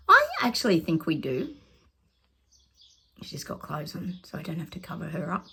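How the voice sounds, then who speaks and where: A woman talking casually to viewers as a psychic vlogger. She chats excitably while pulling oracle cards and often calls her audience "guys". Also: on the low side, moderate pace, gravelly, husky. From Australia. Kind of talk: casual oracle card reading to camera.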